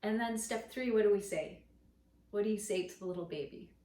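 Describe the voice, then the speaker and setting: A woman yoga teacher giving a slow, gentle, reflective talk on a spiritual teaching. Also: mid-range voice. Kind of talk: spoken dharma talk. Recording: echoey room, voice from a distance.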